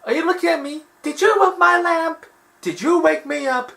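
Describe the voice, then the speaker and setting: A man voicing a brash, theatrical male genie with an indignant rapid-fire delivery, in a much higher voice than his own. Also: vocal fry, bright, forceful tone, exaggerated voice.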